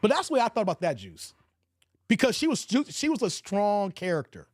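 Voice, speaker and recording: A man hosting a livestream who talks about movies in a casual, animated, slangy way. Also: high-pitched, brisk, no room sound, studio quality. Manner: animated, slangy, laughs often. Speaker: livestream host.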